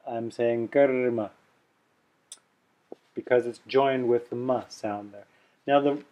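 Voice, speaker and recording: A man giving a pronunciation lesson, explaining step by step and demonstrating sounds slowly. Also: medium pitch, a little mellow. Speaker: teacher.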